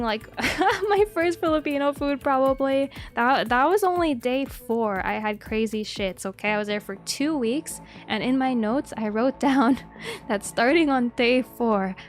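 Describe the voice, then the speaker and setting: A young woman streamer chats casually with a high voice, breaking into giggles again and again and swearing freely. Faint music plays quietly behind her.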